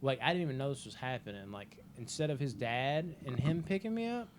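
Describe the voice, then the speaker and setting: A man's voice: medium pitch, expressive, brisk, a little hiss or hum. A man in his twenties, a podcast co-host telling a long story in a casual, rambling way, full of filler words and swearing.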